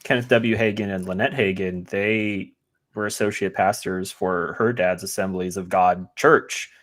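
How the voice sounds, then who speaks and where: A man on a Christian livestream panel speaking in a measured, thoughtful way about his church's doctrine. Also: low-pitched, fairly even intonation. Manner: measured, thoughtful, hedges with "I would say". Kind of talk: casual discussion.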